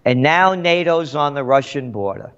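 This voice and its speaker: A man's voice: on the high side, animated, normal speed, a bit bright, clean tone. A man being interviewed as a trends forecaster, speaking emphatically and indignantly, full of rhetorical questions. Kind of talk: animated interview. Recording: dull lo-fi sound.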